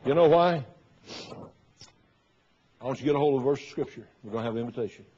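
A man's voice: mid-range voice, steady tone, rapid-fire, breathy edge. A male pastor preaching a sermon, telling stories and acting out the people he quotes. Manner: storytelling preacher, acting out quoted voices loudly. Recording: dull lo-fi sermon recording.

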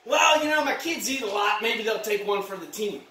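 A woman playing a boastful, rambling male ex-Marine patriot dad in a comedy monologue, shouting one moment and muttering the next. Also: animated, normal speed, slight background noise. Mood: blustering. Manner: boastful, rambling, shouts then drops low. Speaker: comedy vlogger. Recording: roomy echo, mic at a distance.

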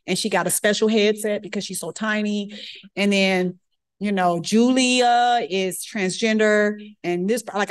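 A woman giving a lecture, telling a story and acting out the dialogue in character voices. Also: mid-range voice. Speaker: guest speaker at medical grand rounds.

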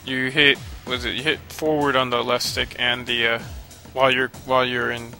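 Gravelly, cranky man commenting on a game. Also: medium pitch, level tone, moderate pace, sharp tone, soft background music. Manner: rambling, cranky and profane, laughs often. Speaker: let's play commentator. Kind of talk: casual gameplay commentary.

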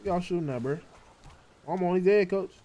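A young man in his twenties streaming a shooter game, trash-talking his opponents with excitable outbursts and chanting the same catchphrase over and over. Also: sits high, moderate pace, muffled recording. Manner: excitable trash talk with loud repeated chants. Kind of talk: live gameplay commentary.

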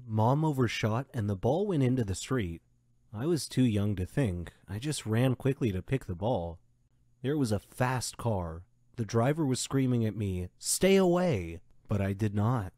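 Male story narrator, low mellow tone, measured scripted first-person delivery. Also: no room sound, studio quality.

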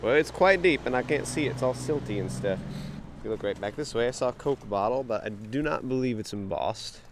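A young man, chatting excitedly to viewers while wading a creek, sniffling from allergies. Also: mid-range voice, a little fast, background noise. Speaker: bottle-hunting vlogger. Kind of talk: casual outdoor vlog narration. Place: outdoors in a creek.

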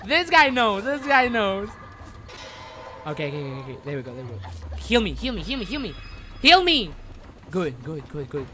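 A man whose first language is Spanish, streaming a game live in English, swinging between excited shouts and quiet muttering, swearing and repeating phrases. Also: sits high, normal speed, long pauses. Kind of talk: live gameplay commentary.

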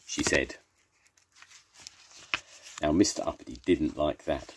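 An older man, a grandfather, reading a children's story aloud in a playful, animated way. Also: rumbling low, normal speed, breathy edge.

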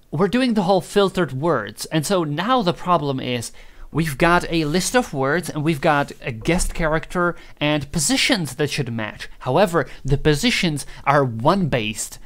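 A man's voice: fairly high pitch, animated, measured pace, a bit bright. A man talking loosely through a tutorial, thinking aloud, joking and swearing casually. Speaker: programming tutor. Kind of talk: casual screen-recorded tutorial.

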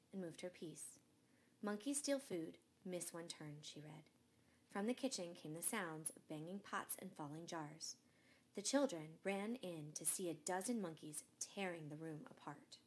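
Female reader, read-aloud storybook narration, low-pitched, expressive. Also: moderate pace.

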